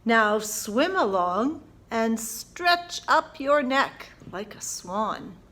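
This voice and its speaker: Woman children's librarian, high and slow, playful storytime reader who leads kids in actions. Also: very animated, pushed and bright. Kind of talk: family storytime reading for young children.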